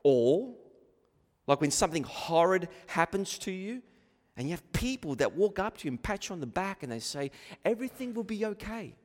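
A man's voice: on the high side, very animated, normal speed. An Australian man preaching a sermon, earnest and emphatic, often repeating words as he restarts a thought. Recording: long hall reverb.

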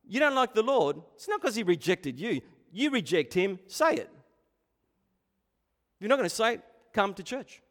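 A man preaching a sermon in a church, impassioned and swinging from hushed, low lines to loud, urgent ones. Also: sing-song, moderate pace. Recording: long hall reverb.

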